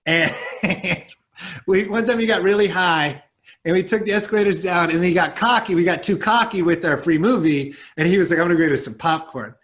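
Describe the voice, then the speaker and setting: Male podcast host in his thirties, high voice, quick reactive interjections. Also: fairly bright tone. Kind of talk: casual podcast chat.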